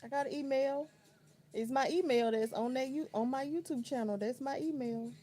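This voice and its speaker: Chatty country-sounding woman, mellow voice. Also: high-pitched, normal speed, faint music behind. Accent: Southern US. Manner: drawling, chatty, reacts to comments aloud. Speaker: livestream host. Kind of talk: casual chat reading live comments.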